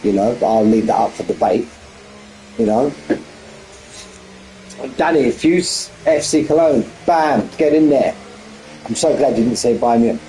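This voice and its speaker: A man calls a sim race in a loose, chatty way, stopping to tease viewers and saying things twice. His voice is mellow and warm. A faint hiss sits under the recording. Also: mid-range voice, moderate pace, pauses often, low-quality recording. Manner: bantering, repeats himself, chats with viewers. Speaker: sim racing commentator. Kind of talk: casual live-stream commentary.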